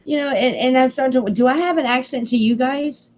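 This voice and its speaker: A woman's voice: sits high, brisk, darkish tone. A middle-aged woman, mother of grown children, hosting a casual live stream, rambling, emotional and laughing often. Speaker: channel host.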